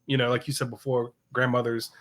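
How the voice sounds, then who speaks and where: A man's voice: medium pitch, little pitch movement, a little fast, a bit bright. A man co-hosting a podcast in casual chat, easygoing and chuckling, often correcting himself. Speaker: podcast co-host.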